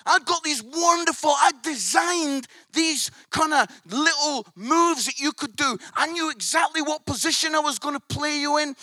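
A speaker with a British accent voicing a football manager who is pleading and then hushed with disappointment as he talks to a player. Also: sits high, dry recording, clean studio sound, voice pushed up. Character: passionate football manager, man, disappointed but kind.

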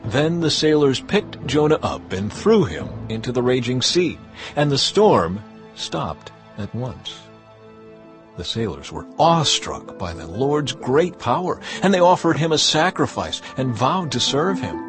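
A man narrating scripture in a measured, dramatic storytelling manner. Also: medium pitch, big pitch swings. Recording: narration over music bed.

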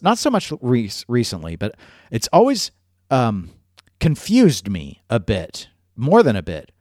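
A man's voice: mid-range voice, a little mellow, dry recording, studio quality. A man hosting a casual podcast chat, talking in a digressive, jokey way. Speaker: podcast host.

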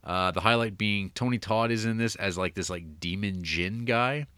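Low-voiced male podcaster, loose and profane, dry close mic. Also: moderate pace, pushed and bright, smooth, no echo. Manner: rambling, profane, heavy use of "like" fillers. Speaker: podcast co-host reviewing horror films. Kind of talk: casual chat.

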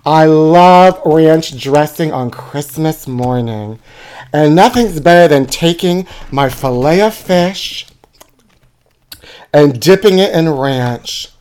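A man's voice: a little high, lively intonation, slow pace, darkish tone, clean tone. Campy guy doing a drawly comedy bit on his podcast, calls everyone my trashy. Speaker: podcast host.

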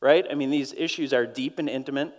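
A pastor with a mid-range voice and a Minnesotan accent preaches briskly to his church, telling stories earnestly and often repeating words along the way. The church auditorium gives the recording the long reverb of a large hall.

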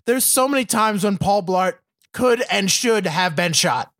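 A man with a high, gravelly voice co-hosts a podcast in loose, profane movie-review chat. He jokes around and acts out scenes as he goes. The sound is bright and dry. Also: lively intonation, a little slow, dry recording. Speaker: podcast co-host.

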